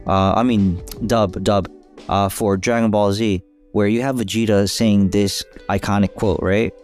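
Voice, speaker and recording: A man co-hosting a podcast, chatting casually with quick reactions and questions. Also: on the low side, fairly even intonation, darkish tone, faint music behind.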